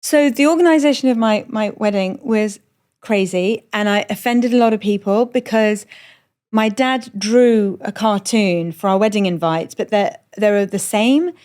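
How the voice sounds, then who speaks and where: On a moored boat, a middle-aged Iranian woman who is a comedian guests on a podcast, swapping candid, self-deprecating stories and swearing freely in a storytelling chat. Her mid-range voice moves at a normal speed and sounds clear, resonant and a little mellow.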